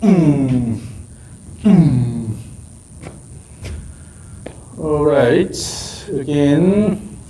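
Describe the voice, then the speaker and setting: A man's voice: on the high side, expressive, very slow, pauses often, crowd noise, poor audio. A man working as a golf coach in a live session, calling out short repeated drill cues and then explaining the movement.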